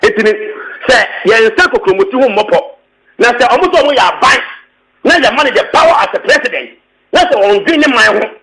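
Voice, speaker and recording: A man with a Ghanaian English accent, the secretary general of a tenants union, gives a heated, emphatic interview statement in which he repeats points and lapses into local phrases. He speaks briskly at an extremely high pitch, with lively intonation and a sharp tone, on a rough recording.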